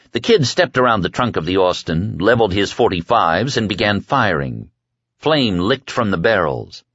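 A man reading an audiobook in a measured, dark storytelling manner. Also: low voice, dry recording. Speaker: audiobook narrator. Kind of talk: scripted audiobook narration. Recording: dry dull lo-fi audio.

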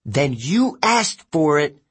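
A man doing a fierce, sharp young heroine. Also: on the high side, big pitch swings, takes it slowly, breathy edge, voice pushed up, full character voice. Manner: sharp, commanding. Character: fierce clever teenage girl warrior.

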